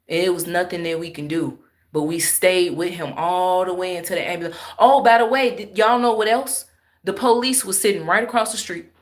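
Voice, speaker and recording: A woman's voice: mid-range voice, a bit bright. A married woman telling viewers an upsetting story in an emphatic, emotional way, speaking straight to her audience. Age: adult, married. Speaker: vlogger.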